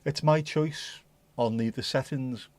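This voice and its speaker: A man hosting a casual livestream, rambling and thinking out loud as he chats to his viewers. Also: mid-range voice, measured pace, no room sound. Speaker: livestream host.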